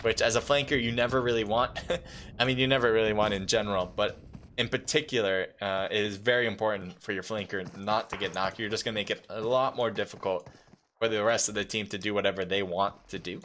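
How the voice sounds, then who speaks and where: A man doing live esports commentary on a mobile battle royale match, calm and explanatory, with loud excited bursts at big plays. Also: on the low side, a little fast, a little hiss or hum. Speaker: esports caster.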